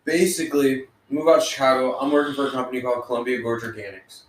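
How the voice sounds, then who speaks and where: A man, co-hosting a podcast and telling a story in a laid-back, unhurried way. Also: medium pitch, steady tone, recorded from a distance, slight background noise. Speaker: podcast co-host. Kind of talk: casual chat. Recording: echoey room, a bit away from the mic.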